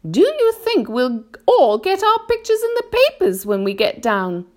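Woman voicing a ladybird, female, eager, excitable, very high-pitched, storybook. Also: unhurried.

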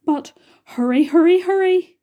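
A woman voicing an impatient, mocking centipede in a storybook reading, loud and pushy. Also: high-pitched, a little slow, highs cut off, pitched above the performer's own voice.

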